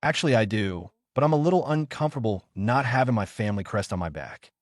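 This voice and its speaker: A cool, reserved preteen boy ninja with a dry manner, voiced by a male reader. His voice sits on the low side. The recording is close and dry. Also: lively intonation, fast talker, dry recording, lightly acted. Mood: uneasy.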